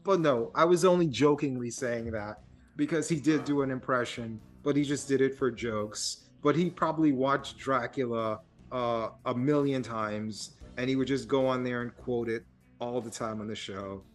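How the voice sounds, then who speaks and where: A man co-hosting a casual film podcast, telling stories in a rambling, animated way and laughing at himself. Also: mid-range voice, moderate pace, soft background music. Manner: rambling, animated storytelling with self-mocking laughs. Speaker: podcast co-host.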